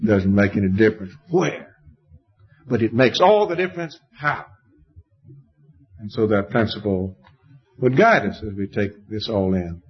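A man preaching a sermon, emphatic, his voice jumping up in pitch to stress each point. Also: expressive, unhurried, pauses often, slightly rough. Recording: dull lo-fi recording.

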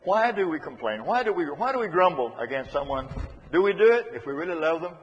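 A man preaching a sermon, emphatic, repeating key phrases and moving between loud and hushed delivery. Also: on the high side, sing-song, brisk, a little hiss or hum. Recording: lo-fi, long hall reverb.

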